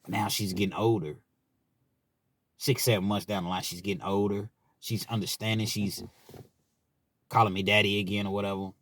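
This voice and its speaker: A man in his forties tells a personal story in a low voice. He talks earnestly and rambles, stopping to restart his sentences. The sound is dry and close. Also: steady tone, moderate pace, long pauses, fairly bright tone, no echo. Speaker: vlogger.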